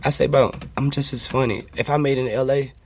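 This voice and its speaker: A man spins a casual story, acting out the voices of everyone in it. His voice sits at an ordinary middle pitch, and a faint hiss runs under the recording. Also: fast talker. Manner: animated, acts out quoted voices. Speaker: guest.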